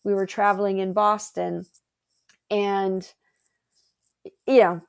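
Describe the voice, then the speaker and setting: A woman guest, an energy healer, chatting casually and telling stories with lively acted-out quotes. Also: slow pace, vocal fry, smooth. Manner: animated, acts out quotes in a higher voice. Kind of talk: casual storytelling chat.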